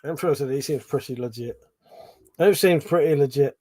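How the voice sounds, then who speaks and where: Bloke on a livestream reading chat, sweary, chuckly, voice a bit on the high side. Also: male voice, brisk, darkish tone. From Britain. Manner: swears a lot, laughs, mumbles asides, self-deprecating. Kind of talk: casual live chat.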